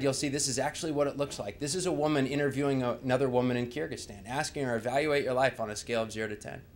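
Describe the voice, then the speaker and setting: Male presenter at a slide talk, casual delivery, rhetorical questions, mid pitch. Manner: conversational, asks the audience rhetorical questions.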